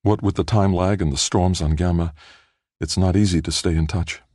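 A man's voice: low-pitched, fairly even intonation, moderate pace, darkish tone, no echo, studio quality, pitched above the performer's own voice. Man voicing a worried young woman biologist. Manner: tense, restrained, worried. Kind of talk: audiobook character voice.

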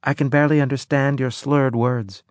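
A man voicing a calm, patient woman doctor who speaks firmly. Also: mid-range voice, moderate pace, no room sound, studio quality, pitched above the performer's own voice, lightly acted. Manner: patient, firm.

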